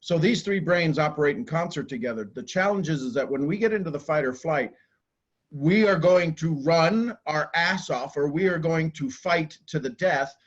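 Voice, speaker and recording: A man giving a live talk to a group, animated and casual, acting out quoted voices and swearing now and then. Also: a little high, moderate pace, muffled recording. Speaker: motivational speaker.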